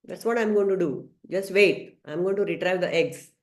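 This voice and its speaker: A woman's voice: lowish voice, normal speed, close to an everyday voice. A woman doing a stubborn little father bird. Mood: determined. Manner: resolute, firm. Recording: roomy echo.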